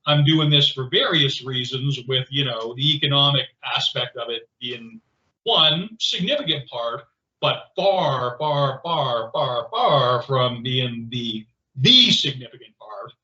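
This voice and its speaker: Animated, rambling man with a bright voice. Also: medium pitch, slow. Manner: rambling, animated, many fillers and restarts. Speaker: podcast co-host. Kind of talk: casual conversational chat. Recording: roomy, slightly dull podcast audio.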